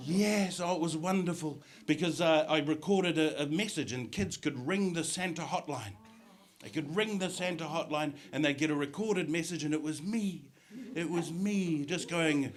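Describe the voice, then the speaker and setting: A middle-aged man doing a stand-up comedy set, telling animated stories and slipping into acted voices, on stage in a comedy club. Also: a little high. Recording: live comedy club with audience laughter.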